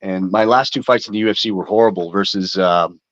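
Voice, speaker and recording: A man in his thirties talks candidly in a low voice, rambling through his answers with plenty of fillers and curses. The recording sounds dull and lo-fi, with a dry, close feel. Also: fairly quick, no room sound. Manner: candid, rambling storytelling with frequent swearing and fillers. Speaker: MMA fighter, interview guest. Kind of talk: casual interview talk.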